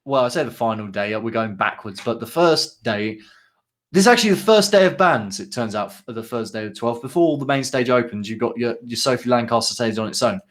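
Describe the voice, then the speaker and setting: A man co-hosting a relaxed podcast, reading out band blurbs and pausing often with ums and little asides. His voice sits at an ordinary middle pitch. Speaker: podcast co-host. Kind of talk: casual podcast chat.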